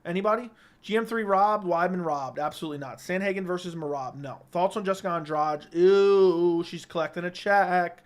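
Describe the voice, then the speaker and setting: Blunt, high-voiced man hosting a stream. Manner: blunt, opinionated, quick verdicts. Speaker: livestream host reading viewer comments. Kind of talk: casual livestream chat. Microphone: studio microphone.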